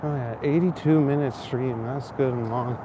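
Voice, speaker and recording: A man's voice: mid-range voice, moderate pace. A man in his thirties talks to his stream while he walks outdoors through city streets. His talk is loose and casual, with swearing and frequent laughs. Faint traffic noise hums behind him. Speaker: livestreamer. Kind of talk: casual walking livestream chat.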